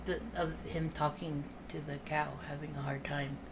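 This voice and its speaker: Low-voiced woman playing a tabletop game. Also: little pitch movement, normal speed, noisy background. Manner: easygoing, thinks aloud. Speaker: player. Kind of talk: casual tabletop play.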